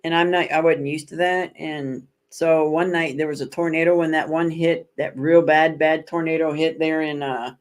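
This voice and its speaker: Rambling, expressive woman chatting with viewers. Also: low-pitched, moderate pace, few pauses. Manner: rambling, self-correcting storyteller. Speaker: livestream host. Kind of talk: casual chat with viewers.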